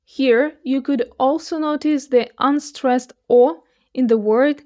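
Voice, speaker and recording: Slow-speaking woman teaching. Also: high voice, darkish tone. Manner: slow, carefully articulated model phrases. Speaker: Russian teacher. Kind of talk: language lesson with shadowing drills.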